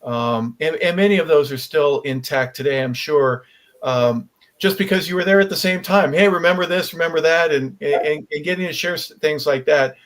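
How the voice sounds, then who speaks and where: Male sports radio host, higher voice. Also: moderate pace. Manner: asks long questions with fillers.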